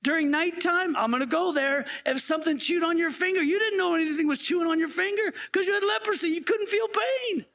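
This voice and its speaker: A man's voice: very high-pitched, a little fast, few pauses, a bit bright. A male interim pastor preaching a sermon in a conversational way, often asking the congregation playful questions.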